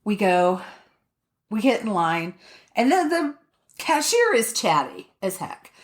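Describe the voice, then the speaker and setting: A woman's voice: medium pitch, big pitch swings, slow. A woman co-hosting a podcast, telling a story in casual chat, swearing freely and laughing often. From Colorado, USA. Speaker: podcast co-host.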